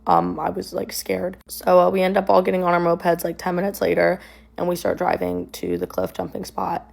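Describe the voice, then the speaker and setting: A woman's voice: on the low side, a little fast, gravelly, a little mellow. A young woman casually recounting a personal story, rambling with lots of "like" and "um". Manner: rambling, filler-heavy retelling with many "like" and "um".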